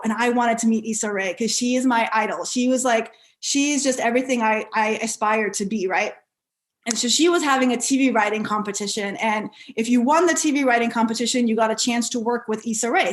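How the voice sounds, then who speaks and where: A woman giving a motivational keynote, telling personal stories with lively, animated delivery and frequent restarts. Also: a little high. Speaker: keynote speaker.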